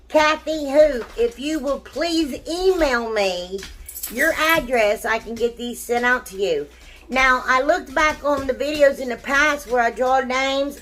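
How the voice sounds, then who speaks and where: A woman, hosting a casual craft tutorial, chatty and rambling, with a sore throat that makes her clear it often. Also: on the high side, fairly bright tone. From Ohio, United States. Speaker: DIY crafts channel host.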